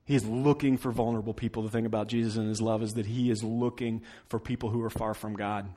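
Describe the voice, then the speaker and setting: Preaching man swinging loud to hushed. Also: fairly low pitch, steady tone, fast. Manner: dramatic storytelling, swinging between loud and hushed. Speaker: pastor. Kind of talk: sermon.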